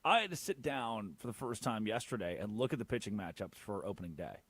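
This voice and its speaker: Lively-voiced male sports radio host. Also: on the low side, fairly quick, no echo. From Arkansas. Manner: animated, puts on a southern drawl for bits. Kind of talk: casual studio chat.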